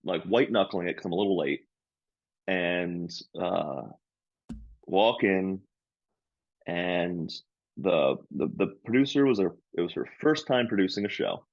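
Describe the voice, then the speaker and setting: Husky-voiced man telling a stage story. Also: low voice, unhurried, pauses often, no echo, muffled recording. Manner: animated storyteller, acts out quoted lines loudly. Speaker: comedian and podcast co-host. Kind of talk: casual storytelling chat.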